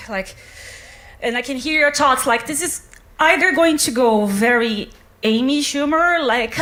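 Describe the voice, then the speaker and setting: A woman's voice: high-pitched, measured pace, sharp tone. A woman in her thirties, not a native English speaker, doing a rambling, self-mocking stand-up comedy set on a club stage. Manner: chatty, rambling, self-mocking, many fillers. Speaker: stand-up comedian, obstetrics and gynaecology doctor. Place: stage in a club before a live audience.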